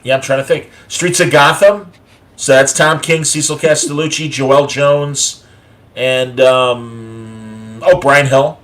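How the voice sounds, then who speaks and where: A man's voice: mid-range voice, fairly even intonation, slow, a bit bright. A man hosting a casual online chat show, rambling through a list with many fillers and restarts. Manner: rambling, filler-heavy listing with frequent uh and restarts. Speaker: podcast host.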